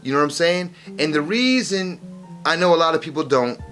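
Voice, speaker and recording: A man's voice: a little high, animated, a little fast, a bit bright, faint music behind. A man hosting a casual podcast, prompting his guest and explaining ideas with a lot of repetition. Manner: prompting, explaining, repeats himself. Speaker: podcast host. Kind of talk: casual discussion.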